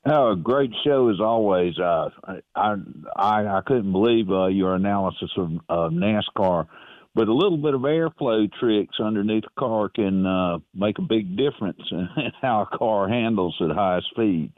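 A man calling in to a radio show, speaking haltingly with many pauses and fillers. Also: fairly low pitch, no room sound. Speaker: caller. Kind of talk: call-in radio comment. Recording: tinny phone line.

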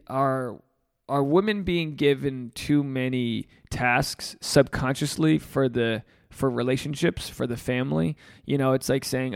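Gravelly, profane male podcast host. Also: medium pitch, dry recording, studio quality. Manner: profane, rambling, jokey. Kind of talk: solo podcast commentary.

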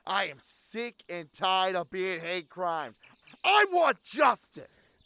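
A woman voicing a brash, mouthy garden gnome in an audio drama who heckles loudly and takes offense fast. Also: on the low side, fairly even intonation, clear, resonant tone. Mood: indignant. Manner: heckling, loud, quick-tempered.

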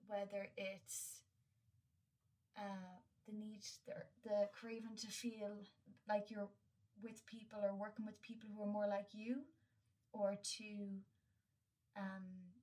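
A young woman talks alone on her own podcast, candid and earnest, swearing freely and stopping for many fillers. Her voice sits at a medium pitch and sounds a little distant from the microphone. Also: darkish tone. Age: young adult. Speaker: podcast host. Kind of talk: casual solo podcast monologue.

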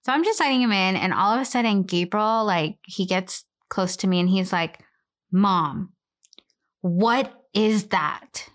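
A woman in casual chat with a friend, telling an anecdote in a lively way and acting out the voices of the people in it. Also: medium pitch, fairly quick, few pauses. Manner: animated storyteller, acts out voices in anecdotes. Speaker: co-host.

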